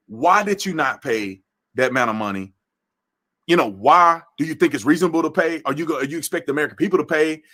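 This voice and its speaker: A man's voice: fairly high pitch, fairly bright tone, breathy edge. A man hosting a political commentary livestream who talks animatedly and often restarts his phrases. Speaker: livestream host.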